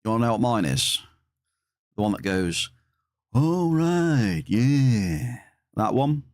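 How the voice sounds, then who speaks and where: A man's voice: lowish voice, expressive, normal speed, dry recording, clean studio sound. A man giving live game stream commentary, teasing his chat in a playful, bantering way.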